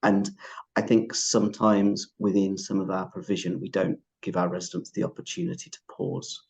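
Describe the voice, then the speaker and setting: A man's voice: low-pitched, fairly even intonation, normal speed, gravelly, darkish tone, breathy edge. A man answering as a panelist in a discussion, speaking in an earnest, discursive way.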